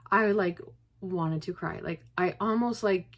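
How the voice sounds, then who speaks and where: A woman's voice: on the low side, measured pace. A young woman vlogging to camera while grieving, talking in a rambling way with many likes and restarts, close to tears. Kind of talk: casual personal vlog.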